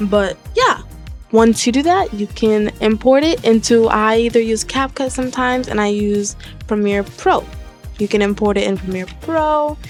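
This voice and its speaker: A woman's voice: a little high, moderate pace, soft background music. Chatty young woman explaining a game. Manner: chatty, rambling, giggly. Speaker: Minecraft tutorial YouTuber. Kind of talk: casual screen-recorded tutorial.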